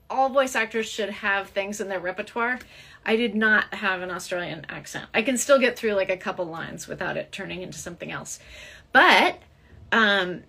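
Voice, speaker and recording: A middle-aged woman chats casually during a live autograph stream, reading viewer comments aloud. Her voice is bright and somewhat husky, with mid-range pitch. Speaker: voice actress signing autographs.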